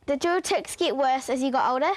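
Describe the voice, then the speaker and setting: A woman's voice: sits high, fairly quick. A young teenage girl from New Zealand, shy and hesitant, speaking with many fillers. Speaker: schoolgirl with Tourette's.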